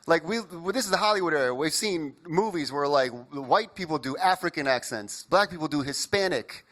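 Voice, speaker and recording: A young man from Indiana performing an animated stand-up comedy set, riffing with the crowd. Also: on the high side, fairly quick. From Indiana, USA.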